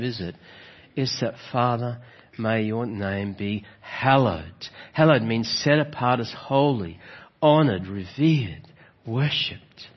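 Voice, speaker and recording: A man preaches a reflective sermon in a husky, breathy voice, often turning his points into soft rhetorical questions. His pitch sits at an ordinary middle height for a man. The recording is slightly dull and lo-fi. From Australia. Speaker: pastor.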